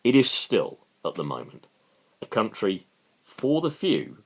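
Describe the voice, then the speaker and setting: A man's voice: lowish voice, huge pitch swings, a little slow, gravelly. A man giving a passionate, sarcastic political rant on his own, often repeating words for emphasis. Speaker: political commentator.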